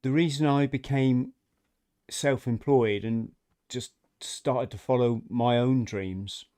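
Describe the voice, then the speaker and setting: A man hosting a casual chat, speaking frankly in halting, stop-start phrases. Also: mid-range voice, dark tone, clean tone. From England. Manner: halting, restarts often, frank. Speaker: podcast host.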